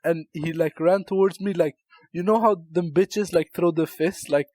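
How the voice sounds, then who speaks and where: A young man from Albania co-hosting a casual podcast, his voice sitting a little high and sounding dry and close. He tells animated stories, swears freely and keeps breaking into laughter. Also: normal speed, no echo. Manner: animated storyteller, swears a lot, laughs often. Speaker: podcast co-host. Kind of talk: casual chat, storytelling.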